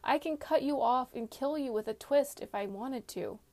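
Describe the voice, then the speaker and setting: A woman's voice: medium pitch, steady tone, normal speed, gravelly, darkish tone. A woman voicing a young woman with dangerous magic who speaks sharply and with self-loathing, in an audiobook reading. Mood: bitter.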